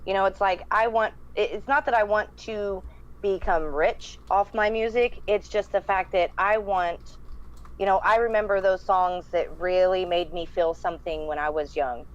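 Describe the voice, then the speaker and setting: A woman musician as a podcast guest, speaking earnestly and haltingly with many fillers. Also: mid-range voice, fairly even intonation, lo-fi sound. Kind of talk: casual chat.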